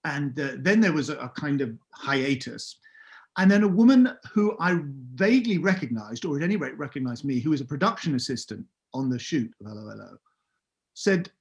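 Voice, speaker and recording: A man's voice: medium pitch, expressive, brisk. A man in his fifties, a podcast guest telling a wry, self-deprecating story. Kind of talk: anecdotal storytelling.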